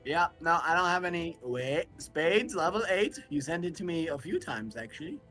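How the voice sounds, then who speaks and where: A man playing in a casual tabletop game, hesitant and fumbling, filling pauses with "uh". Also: on the high side, expressive, sharp tone, soft background music. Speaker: player.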